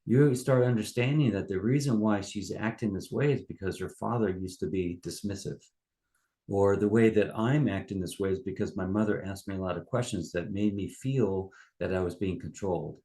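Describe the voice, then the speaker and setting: A man's voice: lowish voice, moderate pace, mellow. A middle-aged male life coach talking in a loose, rambling way, full of fillers and restarts. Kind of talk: casual monologue.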